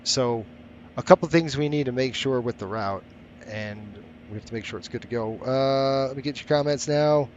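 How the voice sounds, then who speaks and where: A male live-streamer talks his way through each step out loud, sometimes stopping to greet viewers in chat. His voice sits at an ordinary middle pitch for a man. Faint background noise sits under his voice. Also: moderate pace, muffled recording. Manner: thinking aloud while setting up, chatting with viewers. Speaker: flight sim streamer.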